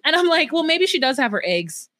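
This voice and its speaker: A woman's voice: high-pitched, big pitch swings, brisk, pushed and bright, no echo, clean studio sound. A woman co-hosting a podcast, speaking frankly and with some heat, swearing freely as she recaps a reality show. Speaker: podcast co-host. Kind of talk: casual reality-TV recap chat.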